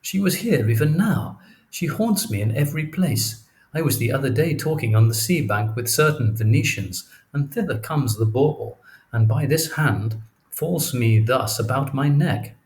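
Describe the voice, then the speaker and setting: A man's voice: medium pitch, expressive, normal speed, darkish tone, voice pushed up, natural voice. A male audiobook reader voicing a carefree, laughing young lieutenant with a breezy, mocking manner. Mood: mocking laughter. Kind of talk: audiobook character reading.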